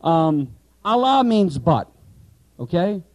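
A man's voice: a little high, big pitch swings, slow pace, no echo, low-quality recording. A man teaching a class of pastors about Bible Greek, explaining with rhetorical questions and asides to the students.

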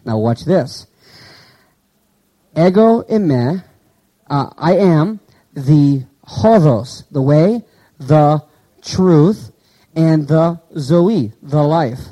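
Conversational preacher man, dark voice. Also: a little high, animated, highs cut off. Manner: conversational preaching, asks the audience questions, reads Greek words slowly. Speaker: pastor. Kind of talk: sermon.

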